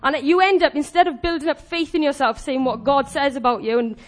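A woman preaching a sermon in a chatty, animated way, laughing often and acting out the voices of the people she quotes. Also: sits high, a little fast.

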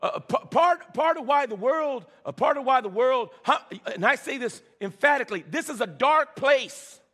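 A man preaches with a high, bright voice that leaps around in pitch, stammering through repeated words and calling on the congregation to answer. His sermon rings out through a reverberant church hall. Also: lively intonation, normal speed. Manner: preaching with frequent stammered repeats and call-and-response. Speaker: pastor. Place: church sanctuary.

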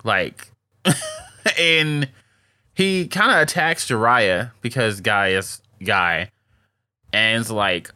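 A man narrates anime scenes to his co-host in loose, slangy talk, laughing along the way. His voice is bright and forward. The sound is dry and close. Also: lowish voice, animated, takes it slowly, long pauses, clear, resonant tone, no room sound. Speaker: podcast co-host. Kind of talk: casual anime recap chat.

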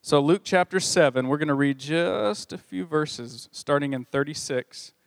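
A man's voice: on the high side, unhurried, gravelly, no echo. A man preaching a sermon as pastor, reading scripture with a conversational manner and joking asides. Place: church.

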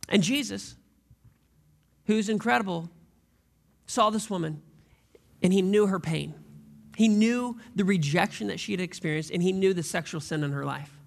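High, gravelly-voiced male pastor preaching. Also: moderate pace, pauses often. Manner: conversational storytelling with rhetorical questions. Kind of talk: sermon.

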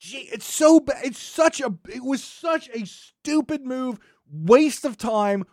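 Sarcastic ranting podcast host, lively voice. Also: mid-range voice, measured pace, few pauses, dry recording, studio quality. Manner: swings from shouting to muttering. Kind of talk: solo gaming podcast rant.

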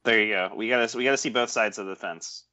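A man's voice: on the low side, quick pace, sharp tone, no room sound. A man co-hosting a casual film podcast, talking in a sarcastic, rambling way and often repeating himself. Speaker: podcast co-host. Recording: dull lo-fi dry sound.

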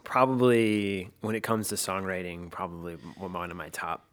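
A man's voice: sits low, level tone, normal speed. A man who writes songs, a podcast guest talking casually with lots of fillers. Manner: loose, filler-heavy talk. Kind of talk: casual chat.

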